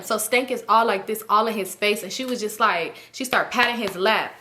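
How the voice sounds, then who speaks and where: A woman telling a casual storytime, animated and full of fillers and swearing, acting out what her friends said. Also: medium pitch, normal speed. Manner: animated, acts out quotes of friends; chatty with frequent fillers and swearing. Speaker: storytime vlogger.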